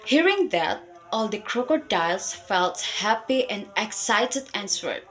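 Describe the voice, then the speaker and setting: A woman's voice: medium pitch, lively intonation, unhurried, hardly any pauses, fairly bright tone, soft background music, rough recording. A teenage girl with an Indonesian accent, telling a fable in careful English for a school exam. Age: teens. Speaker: student.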